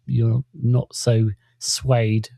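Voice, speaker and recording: Podcast co-host: man, dark gravelly voice, halting delivery, dry sound. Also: medium pitch, flat delivery, no room sound. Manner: reads points out, halting with fillers and restarts. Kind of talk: casual chat.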